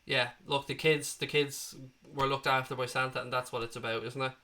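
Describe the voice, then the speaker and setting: An Irish man in his thirties, still recovering from being sick, hosts a live football watchalong, chatting in a casual, matey way and answering viewers' comments one by one. His mid-range voice has little pitch movement, a fairly quick pace, and a bright, forceful tone.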